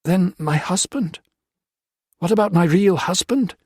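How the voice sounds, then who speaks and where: A distraught British wife pleads and begs in a raised, swooping voice, as a male reader puts her on. Her tone is husky and gravelly, recorded dry and close for an audiobook. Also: high voice, measured pace, a little mellow, no room sound, pitched above the performer's own voice. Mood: bewildered, pleading. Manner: pleading, desperate. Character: distraught British woman, wife of a Japanese colonel. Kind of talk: audiobook character voice.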